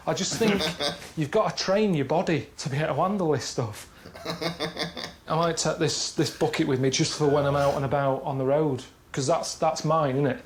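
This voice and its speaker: A man from England talking in a deadpan, grumbling, plain-spoken comic way on a travel show. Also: on the high side, fairly quick, slight background noise. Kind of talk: dry comic monologue. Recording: TV clip with loud music behind. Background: music.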